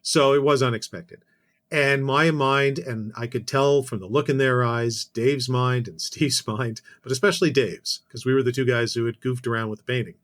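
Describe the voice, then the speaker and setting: A man's voice: medium pitch, steady tone, normal speed, fairly bright tone. A Canadian man, a podcast guest, telling a casual story full of self-corrections and dry asides.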